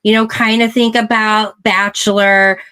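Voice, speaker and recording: A woman hosting a casual chat show, explaining things in a measured way. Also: mid-range voice, flat delivery, bright, forceful tone, clear, resonant tone. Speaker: podcast host.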